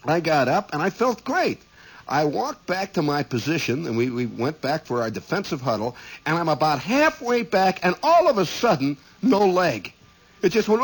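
Folksy storytelling man, husky voice. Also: on the high side, moderate pace, poor audio. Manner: folksy, animated, acts out voices and exclamations. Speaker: radio host telling stories. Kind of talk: rambling storytelling monologue.

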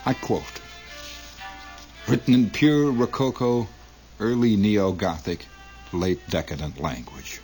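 A man's voice: on the low side, takes it slowly, pauses often, darkish tone, faint music behind, low-quality recording. A man comedian telling a rambling, mock-grand comic story and acting out the people in it. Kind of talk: stand-up storytelling monologue.

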